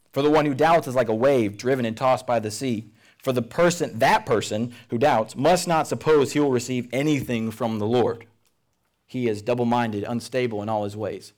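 A man preaching a sermon as pastor, earnest and emphatic, often dropping to a quiet, intense tone. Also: medium pitch. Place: church service room.

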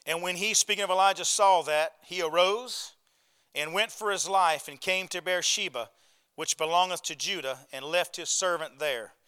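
A male pastor preaches a sermon in a folksy way, often calling out "right?" and "amen?" to his congregation. His voice is high-pitched, smooth, and sharp in tone, at a normal speed.

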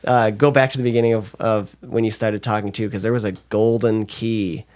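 A man's voice: on the low side, flat delivery, a little fast, darkish tone. A young man hosting a podcast, affectionate and reflective, and he laughs easily. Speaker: podcast host. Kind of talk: casual chat.

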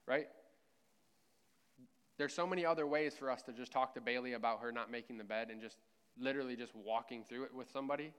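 Conversational pastor with a smooth voice. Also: male voice, mid-range voice, brisk, long pauses, fairly bright tone. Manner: conversational, frequent "right?" check-ins. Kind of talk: sermon. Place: church.

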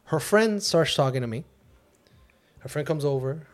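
A man's voice: on the high side, normal speed. A man hosting a podcast, telling a long personal story in casual chat and acting out what people said. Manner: animated, acts out quotes of himself and others. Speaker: podcast host.

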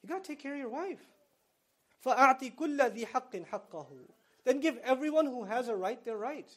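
A man's voice: very high-pitched, animated, very fast. A man giving an Islamic lecture to college students, conversational and explaining terms in plain everyday words, with emphatic storytelling.

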